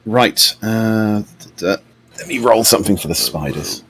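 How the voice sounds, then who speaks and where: A man's voice: on the low side, animated, moderate pace, fairly bright tone, slight background noise. A man, narrating a tabletop game as game master. He talks in a chatty way, with many fillers and restarts.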